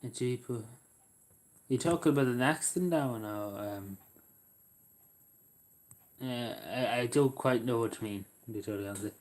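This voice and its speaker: A man's voice: mid-range voice, normal speed, pauses often, a little mellow. A man chatting casually to his livestream viewers, rambling and hesitant with many fillers and restarts. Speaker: livestream host. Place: at home in a squeaky chair.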